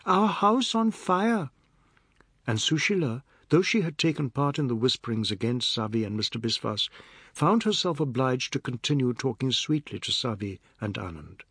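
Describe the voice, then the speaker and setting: In this scripted audiobook narration, a man tells a novel's story at a measured, steady pace. His medium-pitched voice is slightly rough, and the recording is dry and studio quality.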